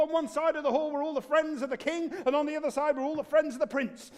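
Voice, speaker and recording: A man with a British English accent telling a folk tale live, in an animated, dramatic and playful way. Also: extremely high pitch. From Britain. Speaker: storyteller.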